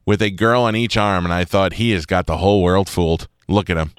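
A man's voice: sits low, brisk, clean tone, dry recording, clean studio sound. A man hosting a radio show, teasing his guest in a rambling way with many restarts. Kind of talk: casual radio interview. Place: radio studio. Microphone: studio microphone.

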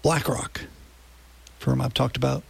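A man's voice: mid-range voice, fairly even intonation, a little slow, vocal fry, darkish tone, slightly rough. A man hosting a radio finance show, explaining things in a conversational way and checking that listeners follow. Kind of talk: casual radio talk.

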